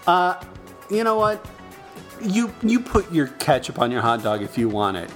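A man's voice: normal speed, soft background music. A man co-hosting a casual sports podcast, playful and teasing, with a lot of movement in his voice. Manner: playful, teasing, lively swings in pitch. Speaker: podcast co-host.

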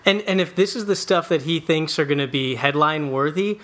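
A man's voice: on the high side, brisk, a bit bright. A man co-hosting a casual sports and beer podcast, easygoing with wry commentary. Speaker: podcast co-host.

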